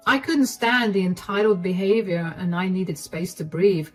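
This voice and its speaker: A woman's voice: mid-range voice, normal speed, low-quality recording. Woman narrating a story over faint music. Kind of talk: scripted first-person narration.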